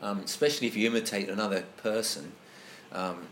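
In a casual group discussion, a man with a lowish, slightly bright voice works through ideas at a fairly quick clip with a steady tone. He's thoughtful and hesitant, circling back and restarting sentences, with a faint hiss beneath him.

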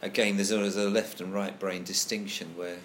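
A man with a lowish voice talks through ideas in a casual group discussion. He is thoughtful and hesitant, circling back and restarting sentences as he goes. A faint hiss sits under his voice. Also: level tone, a little fast, fairly bright tone.

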